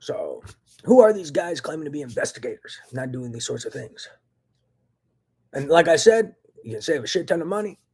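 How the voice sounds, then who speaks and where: A man ranting angrily into the camera in a profane, agitated monologue, swinging between loud outbursts and low muttering. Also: very animated, normal speed, husky. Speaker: vlogger.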